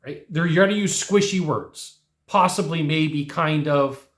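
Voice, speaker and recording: A man's voice: on the high side, measured pace, a bit bright, roomy sound. A man teaching sales technique to camera in a coaching tone, repeating key points and acting out customer exchanges. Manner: coaching, repetitive, acts out customer dialogue. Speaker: sales trainer. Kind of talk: instructional talk to camera.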